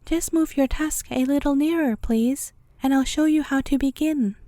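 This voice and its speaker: A woman's voice: high voice, moderate pace, mellow, no echo, studio quality, close to an everyday voice. A woman reading as a polite young boy. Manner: polite, eager to help.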